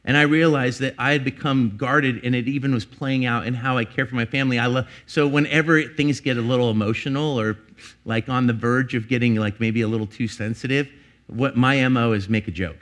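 Middle-aged guy pastor giving a sermon, earnest, kinda confessional, gets loud then quiet. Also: mid-range voice, fairly even intonation, brisk. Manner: earnest, confessional, rising to emphatic peaks.

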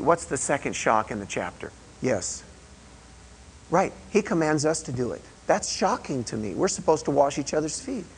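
A man's voice: medium pitch, rough recording. A male pastor preaching to a small group in a room, talking in a conversational way with frequent restarts and questions to the listeners. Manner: conversational, halting, with many restarts and rhetorical questions. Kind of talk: sermon.

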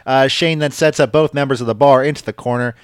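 A man co-hosting a casual podcast, recapping matches in an animated, swearing way. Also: mid-range voice, quick pace, clear, resonant tone, no room sound, clean studio sound. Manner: animated, swearing, puts on mocking voices. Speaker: podcast co-host recapping wrestling. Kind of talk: casual chat.

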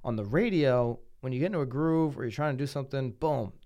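A man with a Connecticut accent hosting a podcast in casual conversation, often mimicking other people in quick asides. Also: mid-range voice, mellow. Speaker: podcast host.

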